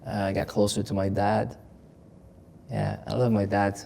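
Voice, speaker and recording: A man with a somewhat low voice speaks as a guest on a podcast. He tells stories with lively energy, doubling back on words and breaking into laughter. His tone is open and emotional throughout the conversation. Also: normal speed, creaky. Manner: animated storyteller, repeats words, laughs often. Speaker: comedian guest. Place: podcast studio.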